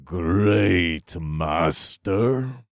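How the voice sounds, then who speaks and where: A man voicing an insane, menacing chained sorcerer in a low, grisly voice, drawing words out slowly and then bursting into shouts. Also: lively intonation, no echo, clean studio sound, full character voice. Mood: grandiose. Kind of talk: audiobook character voice.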